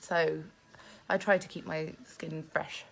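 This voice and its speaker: A woman's voice: sits low, little pitch movement, slow, vocal fry, fairly bright tone. A woman hosting a casual live Q&A from home, chatting and reading viewer comments aloud into a handheld phone. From England. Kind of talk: casual live-stream chat. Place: at home with family. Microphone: phone held in hand.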